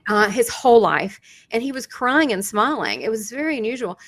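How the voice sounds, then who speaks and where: A woman hosting an interview who works as a psychic medium, telling a story in an animated way and acting out quoted dialogue with frequent laughs. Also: on the high side, normal speed. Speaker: psychic medium and show host.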